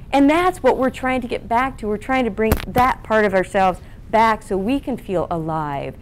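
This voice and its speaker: A woman teaching public speaking at a seminar, asking the room questions and acting out flat and lively voices. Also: a little high, moderate pace, few pauses. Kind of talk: seminar talk to a live group.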